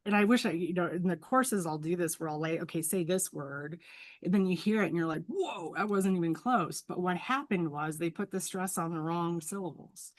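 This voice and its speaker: A woman with a lowish voice talks as a guest speech-language pathologist, laying out her points in an earnest, teacherly manner. She often checks in with the listener by asking "right?". The sound is close and dry, with no room echo. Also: brisk, hardly any pauses. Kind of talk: explanatory professional conversation.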